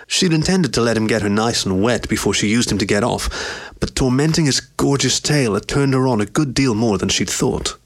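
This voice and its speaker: A man reading a story aloud in an even, steady narration. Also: mid-range voice, normal speed. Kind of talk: scripted narration.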